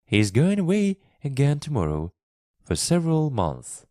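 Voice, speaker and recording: A man voicing a friendly, chatty young housemaid in a storybook reading, brisk and newsy. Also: mid-range voice, wildly swooping pitch, mellow, no room sound, clean studio sound, pitched above the performer's own voice. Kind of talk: storybook reading for English learners.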